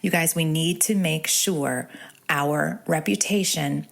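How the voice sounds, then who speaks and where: A woman in her forties from the hosting a podcast in casual solo chat, bubbly and chatty, often dropping into breathy asides. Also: low voice, takes it slowly. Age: 40s. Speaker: podcast host.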